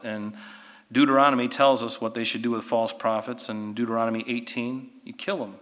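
A man teaching a Bible study class, animated and given to sarcastic asides. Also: medium pitch, fairly quick, in a large hall.

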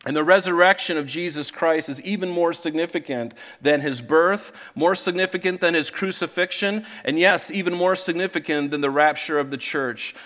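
A male pastor reading scripture aloud and preaching a sermon, earnest and emphatic, slowing down to stress key phrases. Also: on the high side, fairly bright tone. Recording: reverberant church hall.

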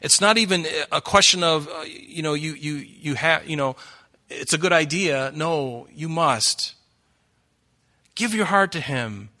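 Earnest, pleading middle-aged male preacher, tense bright tone, slightly raised pitch. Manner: earnest, pleading, rising emphasis. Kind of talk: sermon.

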